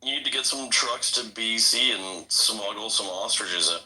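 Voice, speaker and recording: A man's voice: lowish voice, normal speed, pushed and bright, poor audio. A man in a casual group podcast chat who talks in an incredulous way, with lots of "like" and casual swearing.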